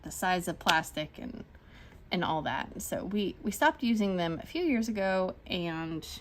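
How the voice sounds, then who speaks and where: A woman in her thirties chatting casually in a rambling, animated way while she crafts, with lots of fillers. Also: fairly low pitch, unhurried, slight background noise. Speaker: crafting channel host.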